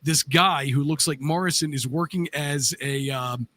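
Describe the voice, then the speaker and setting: A man co-hosting a casual podcast chat, easygoing and hesitant, who fills his pauses with lots of "uh" and "um". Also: fairly high pitch, bright, forceful tone, slight background noise. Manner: easygoing, hesitant, many fillers. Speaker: podcast co-host, music news.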